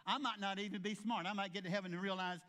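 High-voiced male pastor preaching. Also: steady tone, fast, bright, forceful tone. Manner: folksy storytelling with humorous asides; acts out quoted voices. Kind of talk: sermon.

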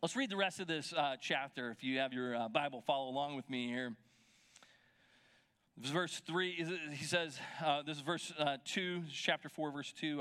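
A man's voice: on the high side, normal speed, bright, forceful tone. A man preaching a sermon as pastor, retelling scripture in a conversational way and checking in with his listeners.

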